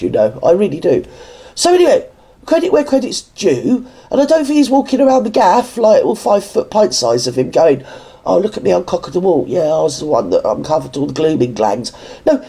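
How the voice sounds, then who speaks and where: With a lowish, mellow voice, a British woman stands indoors hosting a reaction video. Her ranting commentary is sarcastic and indignant, and she mimics others in exaggerated voices to mock them.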